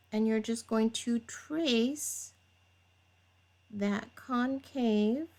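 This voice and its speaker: A woman's voice: mid-range voice, a little mellow. A woman vlogger chatting casually as she walks through a manicure step by step, narrating while she works and laughing at her own slips. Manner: chatty, talks while working, laughs at herself. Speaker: nail tutorial vlogger.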